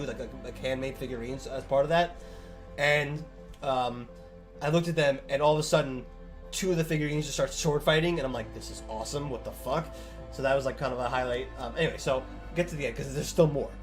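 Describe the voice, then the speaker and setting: A young man casually telling a long story on stream, rambling and swearing a lot, acting out the lines of the people in it. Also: fairly high pitch.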